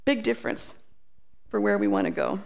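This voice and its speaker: A woman preaching a sermon, animated, acting out quoted voices and reading scripture aloud. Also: medium pitch, moderate pace, vocal fry.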